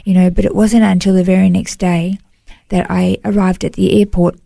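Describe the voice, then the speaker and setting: A woman's voice: on the low side, flat delivery, moderate pace, vocal fry, mellow, dry recording. A woman, an interview guest, giving an earnest, emotional personal testimony and often saying "you know". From Australia.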